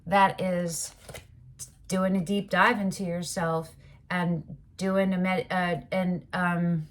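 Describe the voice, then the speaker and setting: Emphatic, low-pitched woman tarot reader. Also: slow, a little hiss or hum. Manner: emphatic and animated, with swearing and loud outbursts. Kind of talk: casual tarot reading.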